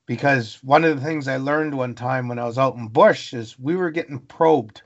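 A man from Canada, a guest on a podcast, telling stories about the wilderness in an animated way, piling up long lists of things. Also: medium pitch, moderate pace, lo-fi sound. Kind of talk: storytelling interview.

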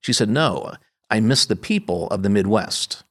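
A man's voice: lowish voice, lively intonation, normal speed, fairly bright tone, slightly rough. A man in his fifties from upstate New York, a podcast guest telling long personal anecdotes with frequent restarts. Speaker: guest, company founder. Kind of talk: conversational interview storytelling.

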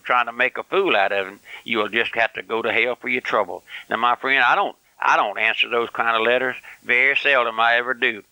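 A man's voice: mid-range voice, pushed and bright, no echo, low-quality recording. An older man preaching a fiery, folksy radio sermon with lots of emphatic repetition.

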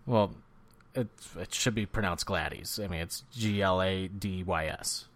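A man's voice: low voice, unhurried, fairly bright tone. A man co-hosting a podcast, chatting casually about music picks in a rambling, teasing way full of fillers. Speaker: podcast co-host.

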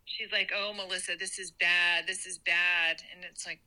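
A woman with a very bright, sharp voice chats casually on a podcast, her comments blunt and exasperated. She talks over a video call. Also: on the low side, flat delivery, normal speed, poor audio. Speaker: podcast co-host. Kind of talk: casual chat about reality TV.

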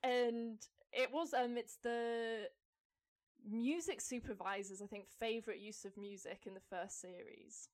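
A woman chats casually as a podcast guest, full of enthusiasm. Her voice sits fairly high, and she breaks into laughter often. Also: fairly even intonation, a little slow. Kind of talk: casual fan podcast chat.

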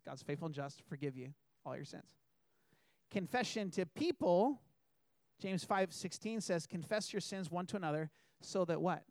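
High-voiced earnest male preacher. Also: dry recording, clean studio sound. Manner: earnest, conversational preaching with quoted asides. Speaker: pastor. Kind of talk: sermon.

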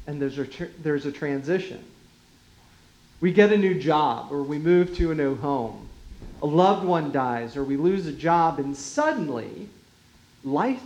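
A pastor preaching a sermon at a slow, deliberate pace. The voice is mid-pitched and often sinks to a quiet hush at the ends of phrases. It rings with a roomy echo. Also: lo-fi sound. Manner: measured, unhurried delivery with quiet drops in volume and light chuckles.

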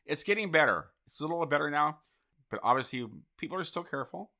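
A man hosting a radio talk show, chatting loosely with guests and filling pauses with "you know" and "uh". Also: on the high side, animated, sharp tone. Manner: chatty, loose, with repeated thank-yous and fillers. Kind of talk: casual radio interview.

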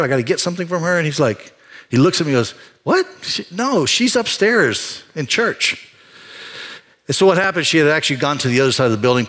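An older man, a pastor, preaching a confessional sermon, moving from hushed, halting storytelling to loud, emphatic exhortation. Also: mid-range voice. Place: church sanctuary.

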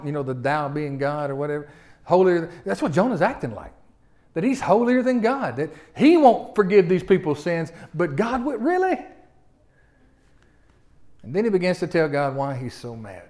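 High-voiced, animated male preacher. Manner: animated, asks the congregation questions. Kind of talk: sermon.

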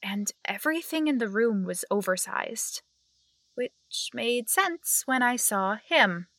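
A woman's voice: on the high side, animated, slow, fairly bright tone, dry recording. A young woman narrating and playing the lead in an audio drama, hesitant and nervous. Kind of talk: audio drama acting and first-person narration.

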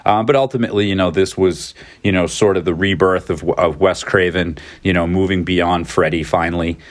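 A man's voice: low-pitched, fairly even intonation, a little fast. A man co-hosting a casual podcast about horror films, rambling with many fillers and restarts. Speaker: podcast co-host. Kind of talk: casual film discussion.

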